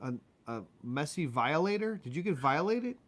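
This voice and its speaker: A man's voice: a little high, very animated, normal speed, a bit bright. A man co-hosting a casual comedy chat show, joking and teasing his partner. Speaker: co-host.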